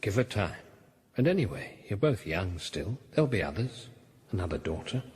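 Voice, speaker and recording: An actor playing an older man who calmly soothes a grieving father in a radio drama. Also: fairly low pitch, moderate pace. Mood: gently reassuring. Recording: radio broadcast with hiss and long reverb.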